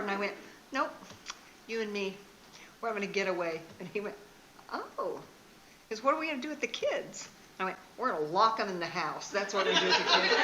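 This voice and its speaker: A middle-aged woman speaking at a church marriage seminar. She tells animated stories and often laughs. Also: mid-range voice, a little hiss or hum. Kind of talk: storytelling marriage seminar talk. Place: church hall. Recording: echoey church room.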